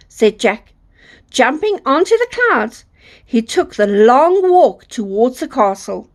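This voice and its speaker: A woman storyteller reading a children's fairy tale aloud, slowly and expressively. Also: high-pitched. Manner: slow, expressive read-aloud.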